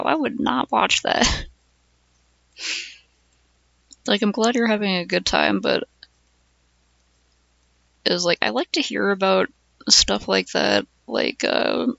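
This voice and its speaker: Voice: medium pitch, gravelly, pushed and bright, no room sound, dull audio. A streamer chatting casually and reading aloud, musing with lots of fillers and hums.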